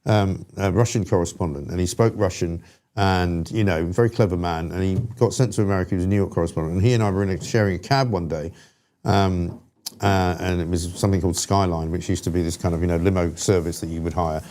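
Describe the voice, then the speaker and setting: An older man from London hosting a political talk show, telling anecdotes with his pitch jumping up at the punchlines. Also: fast talker. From London, England. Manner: storytelling, animated with rising pitch on punchlines.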